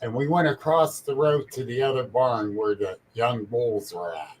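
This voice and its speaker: A man's voice: medium pitch, normal speed, slight background noise. An older man, a grandfather, telling easygoing stories in casual chat and chuckling as he goes.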